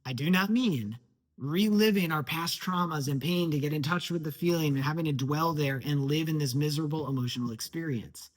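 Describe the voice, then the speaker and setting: A man's voice: a little high, a little fast. A man giving an earnest motivational talk as a life coach, stressing points by repetition.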